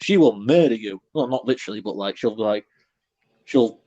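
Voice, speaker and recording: A man's voice: on the low side, lively intonation, fairly quick, dark tone, highs cut off. A British man co-hosting a casual online podcast, talking bluntly and rambling with British slang. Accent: British English. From Britain. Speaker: podcast co-host. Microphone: online call.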